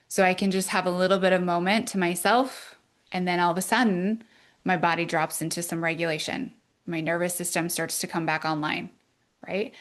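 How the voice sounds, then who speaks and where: An earnest woman in her thirties coaching listeners on a solo podcast. Her voice sits a little low, and she keeps checking in with "right?" as she explains things. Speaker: wellness coach and podcast host.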